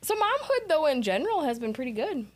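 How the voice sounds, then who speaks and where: A woman's voice: high voice, sing-song, no echo. A young woman, a new mother, chatting casually and teasing her friend in a playful, joking way. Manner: teasing, playful, quick to joke. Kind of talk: casual chat.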